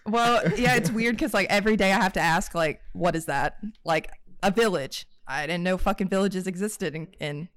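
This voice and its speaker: A woman's voice: mid-range voice, normal speed, hardly any pauses, dry recording. A woman with a West Virginian accent, co-hosting a podcast and telling rambling stories with laughs and swearing. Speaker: podcast co-host. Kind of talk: casual chat.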